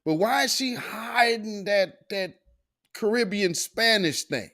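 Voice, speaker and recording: A man's voice: sits high, slow pace, pushed and bright. A man hosting a show, commenting casually on news clips, laughing often and trailing off into asides. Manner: laughs often, trails off and restarts, riffs on his own asides. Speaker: show host.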